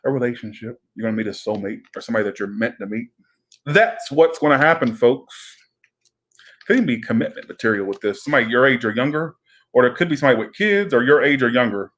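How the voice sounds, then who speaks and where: A male tarot reader talks to his viewers loosely and chattily, swearing freely and drifting into asides. His voice is at an ordinary male pitch, a bit bright, expressive and quick, and his delivery is casual and direct.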